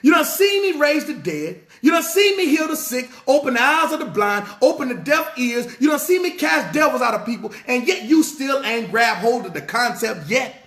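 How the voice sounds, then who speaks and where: A preacher acting out an exasperated Christ. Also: male voice, extremely high pitch, sing-song, sharp tone, pitched above the performer's own voice, heavily acted. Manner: exasperated, scolding, rapid rhetorical questions. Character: frustrated Christ scolding his disciples. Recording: roomy echo.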